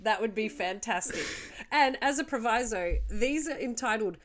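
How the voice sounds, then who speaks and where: A woman's voice: a little high, animated, moderate pace. A woman co-hosting a podcast in casual chat, enthusiastic and chatty, full of "you know" and "like". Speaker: podcast co-host.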